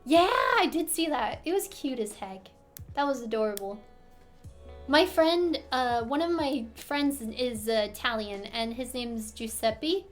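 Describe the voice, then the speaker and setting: Casting note: high-pitched American woman, giggly live-stream host, faint music underneath. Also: animated, unhurried. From United States. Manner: chatty, giggly, answers viewer questions. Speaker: livestream host answering chat. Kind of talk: casual live-stream chat. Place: apartment in Korea.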